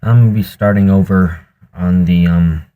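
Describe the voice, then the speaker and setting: A man chatting on his stream while still out of breath, halting and trailing off between sighs. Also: low voice, fairly even intonation, mellow. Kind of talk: casual stream chat.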